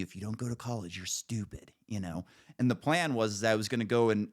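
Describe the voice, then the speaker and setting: Laid-back low-voiced man host. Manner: laid-back, says "like" and "dude" a lot. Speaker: podcast host. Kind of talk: casual interview chat.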